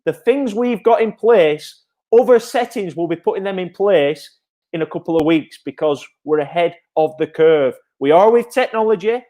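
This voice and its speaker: A man, a childcare provider giving parents an energetic, reassuring live update. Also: normal speed. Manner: energetic, repetitive, upbeat sales-pitch reassurance.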